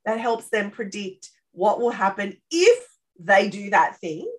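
A woman explaining parenting skills in a casual interview, lively and often checking in with tag questions. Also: mid-range voice, a little slow. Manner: animated, acts out parent-child dialogue. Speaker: parenting expert guest.

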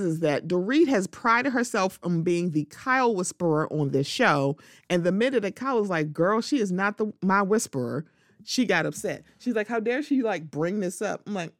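A woman hosts her own podcast in a sassy, opinionated way, often talking straight back to the people she is discussing. Her voice sits at a middle pitch. The sound is dry and close to the mic, with no room around it. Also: no echo. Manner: opinionated, sassy, talks back to absent people in mock quotes. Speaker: podcast host. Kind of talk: casual solo commentary.

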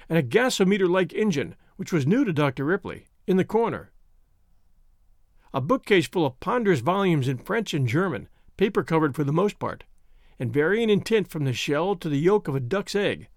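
A man narrating a classic story in a measured, expressive storytelling manner. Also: fairly high pitch, dry recording, clean studio sound. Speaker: audiobook narrator.

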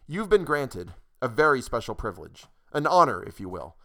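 A man's voice: medium pitch, very animated, normal speed, fairly bright tone. Man doing a fatherly boss, effusive, repetitive, storybook reading. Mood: soothing. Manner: effusive, apologetic, repeats himself. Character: fussy fatherly older male boss.

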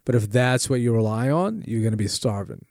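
A man, a comedian, chatting casually on a podcast, rambling and animated with frequent restarts. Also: mid-range voice, brisk, no echo, clean studio sound.

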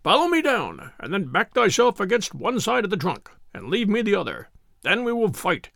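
A man's voice: high-pitched, wildly swooping pitch, normal speed, creaky, fairly bright tone, no echo, clean studio sound, full character voice. A man voicing a proud king who speaks in archaic, defiant phrases in an old-fashioned storybook tale.

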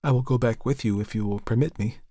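A man's voice: mid-range voice, quick pace, warm tone, no room sound, studio quality, close to an everyday voice. A man reading the part of a timid, remorseful young woman who speaks earnestly in a storybook. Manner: earnest, apologetic.

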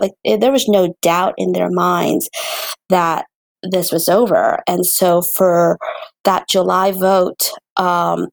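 A woman's voice: lowish voice, steady tone, unhurried, gravelly, no echo. A woman speaking as a guest on an interview, an earnest and passionate healthcare advocate who grows emotional. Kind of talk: interview conversation.

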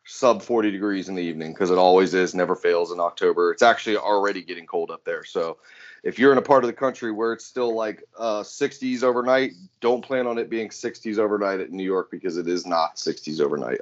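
A man's voice: low voice, fairly even intonation, fast. A man hosting a podcast, talking casually with lots of fillers and swearing. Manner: casual, profane, rambling with fillers. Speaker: podcast host. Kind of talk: casual chat. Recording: dull lo-fi sound.

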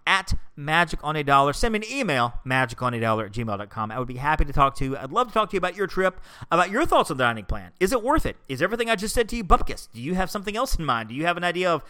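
A man with a nasal voice, hosting a chatty podcast at a quick clip. His tone is bright and a touch high, upbeat and loose, full of fillers. He sounds like a travel agent talking listeners through their options. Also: sing-song. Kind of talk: casual podcast talk.

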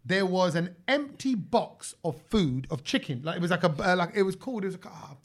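A man tells stories quickly, his voice pitched high for a man. He is an animated podcast co-host in his forties or fifties who climbs even higher when a story gets exciting. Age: 40s or 50s. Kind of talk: casual storytelling chat.

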